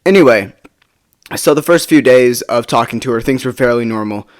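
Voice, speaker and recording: A man's voice: medium pitch, normal speed. A teenage boy from the United States telling a casual storytime, rambling with lots of fillers and swearing.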